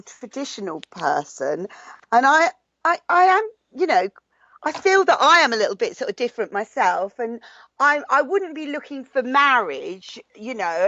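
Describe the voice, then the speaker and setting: A woman's voice: fairly high pitch, bright, forceful tone, no echo. Hesitant woman on a lo-fi call. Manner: hesitant, halting, many restarts. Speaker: player in a tarot game. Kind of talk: playful role-play game chat. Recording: dull lo-fi video call audio.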